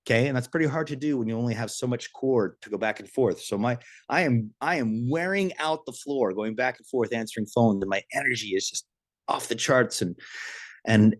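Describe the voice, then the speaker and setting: A man with a low-pitched voice delivers a motivational business talk, telling stories with eager energy and often stumbling into restarts. His voice is recorded close and dry, with no room sound around it. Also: dry recording. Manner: enthusiastic, energetic storyteller; frequent restarts and repeated words. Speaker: business trainer and speaker.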